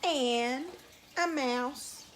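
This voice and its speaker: A teacher reading a folk tale aloud to young children, animated and drawn out. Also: female voice, high-pitched, extremely slow, slight background noise.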